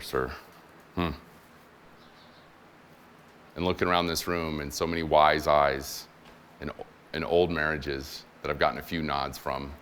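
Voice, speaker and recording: Very deep-voiced man preaching a sermon. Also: a bit bright, slight background noise. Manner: conversational and humorous, acting out voices in stories. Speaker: guest preacher, military chaplain. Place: church room with congregation.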